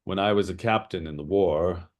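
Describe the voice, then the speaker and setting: A man's voice: low voice, moderate pace, lightly acted. A man voicing a weathered former war captain who speaks steadily in a tabletop game. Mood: earnest.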